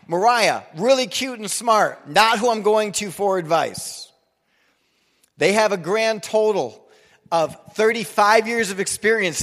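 A man's voice: high voice, a bit bright, big-room sound. A man in his forties preaching a sermon in a casual, joking, conversational way. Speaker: pastor.

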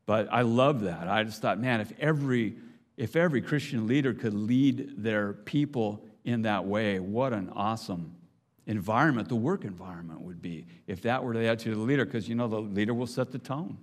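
A man's voice: on the low side, moderate pace. An older man giving a conversational, earnest sermon, with frequent restarts and asides. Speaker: preacher. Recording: long hall reverb.

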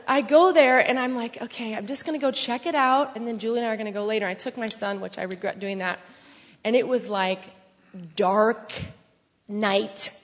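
A woman excitedly telling a testimony story in church, laughing and shouting at times. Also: on the high side, normal speed. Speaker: church member sharing a testimony. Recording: long hall reverb.

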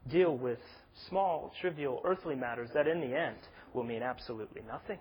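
A man's voice: mid-range voice, moderate pace, darkish tone, poor audio. A man preaching an expository sermon, earnest and building to emphatic stress. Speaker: pastor.

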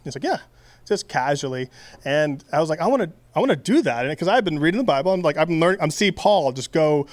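Higher-voiced man preaching casually. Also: animated, fairly quick, no echo. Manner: conversational, lots of fillers and restarts. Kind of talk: casual sermon.

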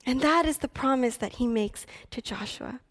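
A woman's voice: high voice, normal speed, a bit bright. A woman preaching a sermon, telling a personal story earnestly and building to impassioned declarations. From Philippines heritage. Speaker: pastor.

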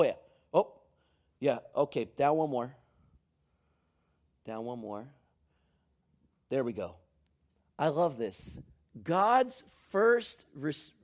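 A man preaching a sermon, swinging between shouted lines and near whispers. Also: fairly high pitch. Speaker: pastor.

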